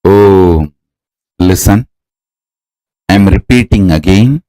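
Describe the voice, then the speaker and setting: Man slowly guiding a meditation. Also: deep voice, mellow, low-quality recording. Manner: slow, measured commands. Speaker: spiritual teacher. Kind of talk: guided meditation instruction.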